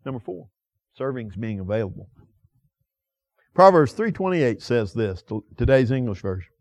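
A man preaching a sermon with passion, asking the listeners many direct questions and swinging from loud emphasis to quiet asides. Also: medium pitch, big pitch swings, normal speed, no echo, studio quality. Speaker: pastor.

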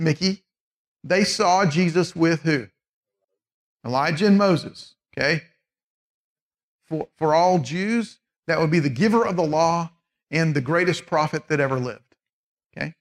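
Gravelly-voiced man teaching a Bible class. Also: a little high. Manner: conversational, asks the group questions.

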